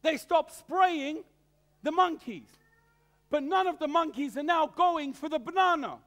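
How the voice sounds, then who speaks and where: High-voiced man preaching a sermon. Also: measured pace. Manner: animated storytelling with stammered repeats.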